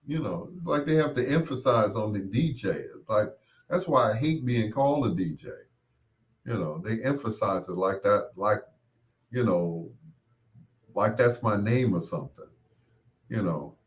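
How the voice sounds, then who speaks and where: A man hosting his own show, telling rambling casual stories with laughs and quick mimicked voices of others. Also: lowish voice, animated. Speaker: podcast host. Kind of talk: casual storytelling monologue.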